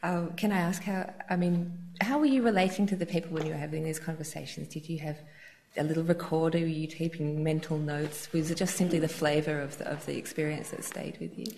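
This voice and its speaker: A woman's voice: low voice, fairly even intonation, brisk, warm tone, slight background noise. A woman interviewing an author onstage in front of an audience, effusive and full of restarts. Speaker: interviewer at a live author event. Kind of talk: onstage conversation.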